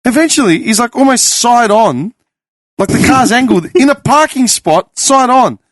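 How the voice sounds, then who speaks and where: Australian man, casual podcast chat, swears a lot, lively up-and-down voice, dry close mic. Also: very high-pitched, normal speed, dry recording. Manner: animated storyteller, swears freely, acts out both sides of arguments. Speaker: podcast panelist.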